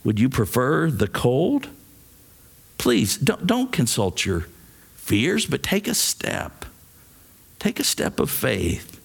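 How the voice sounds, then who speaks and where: A man playing a patient stranger who lit a fire, speaking softly and slowly. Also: mid-range voice, huge pitch swings, creaky, husky, heavily acted. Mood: coaxing. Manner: soft, slow, coaxing. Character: gentle male stranger, a patient firelighter.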